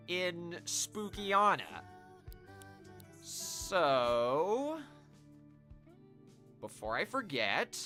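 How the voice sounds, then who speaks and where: A man with a fairly high, bright, forceful voice streams a video game, chatting casually with viewers as he plays. It's relaxed live-stream commentary.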